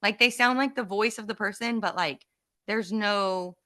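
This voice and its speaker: A woman in her thirties, co-hosting a podcast in a casual chat, telling lively stories. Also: mid-range voice, moderate pace. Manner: animated, laughing storyteller. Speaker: podcast co-host.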